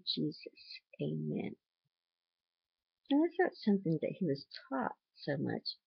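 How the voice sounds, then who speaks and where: Gravelly grandma vlogging at home. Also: female voice, fairly low pitch, dry recording, lo-fi sound. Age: older. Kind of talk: casual vlog talk.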